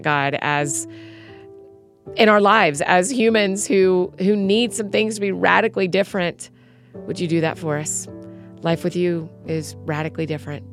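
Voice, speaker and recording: A woman host reading scripture aloud in a measured, earnest way and then praying. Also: fairly low pitch. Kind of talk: scripture reading and spoken prayer.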